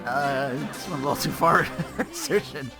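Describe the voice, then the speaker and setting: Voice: mid-range voice, expressive, normal speed, music in the background. A reviewer giving casual reaction commentary over a show, chatty and riffing along with laughs.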